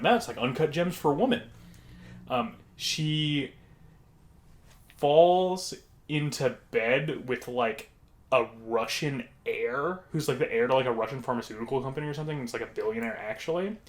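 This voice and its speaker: Rambling man telling a story. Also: mid-range voice. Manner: rambling, full of "like" fillers. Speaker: podcast co-host. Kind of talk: casual storytelling.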